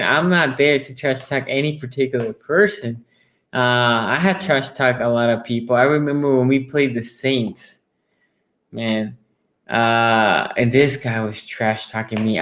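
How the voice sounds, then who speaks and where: A male sports talk host chatting casually with his viewers, his voice sitting at an ordinary middle pitch. He rambles, doubles back on his words and reads comments out before answering. When a story grabs him, his voice jumps up high with excitement. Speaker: sports talk show host taking callers. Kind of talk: casual fan chat on a sports show.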